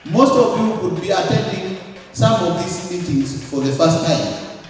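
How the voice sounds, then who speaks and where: A man's voice: high-pitched, lively intonation, measured pace. A man gives an emphatic public speech at an awareness meeting and builds up long lists. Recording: echoey hall, mic far off, faint music.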